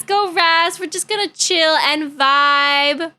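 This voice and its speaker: High bright-voiced young woman streamer. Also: level tone, slow. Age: young adult. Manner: chatty, caring, playful. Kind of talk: casual reaction-stream chat.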